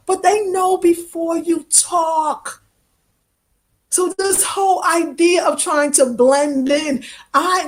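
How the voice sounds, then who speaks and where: A woman with a New York accent, chatting casually on a live stream and reading viewer comments in an animated, expressive way. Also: high-pitched. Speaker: travel vlogger.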